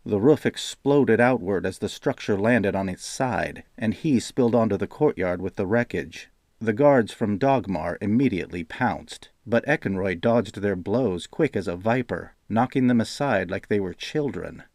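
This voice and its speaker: A man narrating a fantasy audiobook in a measured, steady reading. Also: on the low side, no echo, clean studio sound.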